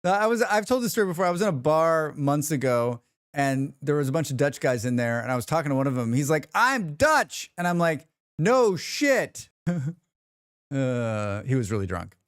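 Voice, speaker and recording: A man's voice: mid-range voice, brisk, clean tone, no room sound, studio quality. A man with an American accent, chatting casually on a live stream, rambling and reading his chat aloud. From United States.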